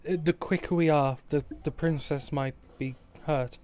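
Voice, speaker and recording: A man playing a tabletop game, chatting eagerly with quick banter. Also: on the high side, fairly even intonation, darkish tone. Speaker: player. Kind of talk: casual tabletop game chat.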